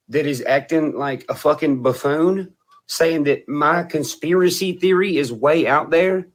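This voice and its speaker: A man in his thirties on a livestream, speaking in an aggressive, confrontational, profane way. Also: on the high side. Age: 30s. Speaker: livestream guest.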